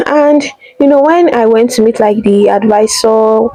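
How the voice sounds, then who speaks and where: A woman's voice: on the high side, steady tone, normal speed, warm tone, no room sound, low-quality recording. A young woman from Nigeria with a Nigerian accent, talking animatedly in a personal vlog, rambling with many fillers and exclamations. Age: young adult. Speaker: vlogger.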